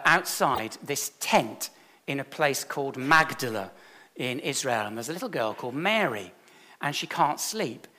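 A man's voice: medium pitch, sharp tone. A man, a church leader giving a chatty, self-deprecating sermon full of stories.

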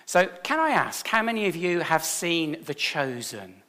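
A man's voice: fairly high pitch, very animated, unhurried, pushed and bright. A man, a church leader giving a chatty, self-deprecating sermon full of stories.

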